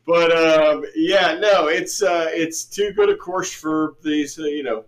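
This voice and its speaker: A man with a slightly high voice co-hosts a loose, joking podcast. He rambles and restarts as he tells gossipy stories, slipping into the voices of the people he quotes. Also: slow pace. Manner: rambling storyteller, acts out quoted lines. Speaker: podcast co-host. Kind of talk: casual joking chat.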